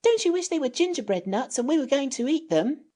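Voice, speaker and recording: A man voicing a timid, fretful young girl in a storybook reading, pitched far up. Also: sing-song, a little fast, dark tone. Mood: plaintive.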